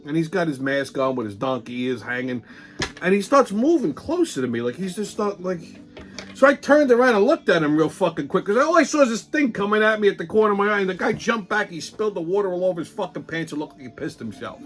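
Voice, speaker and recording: A man hosting a comic, profane ranting monologue, telling stories in an animated way. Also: sits high, fast, faint music behind. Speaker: host.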